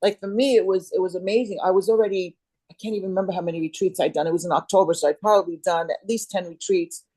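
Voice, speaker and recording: A woman's voice: medium pitch, dark tone, no room sound, poor audio. A middle-aged woman chatting as an interview guest, rambling and restarting as she searches for words. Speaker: guest, Kambo facilitator. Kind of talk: casual interview chat.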